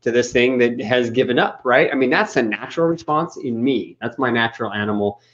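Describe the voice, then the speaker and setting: A man's voice: medium pitch, brisk, a bit bright, highs cut off. A man co-hosting a casual talk show, speaking candidly and thoughtfully with some hesitation. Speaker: podcast co-host. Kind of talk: casual reflective chat.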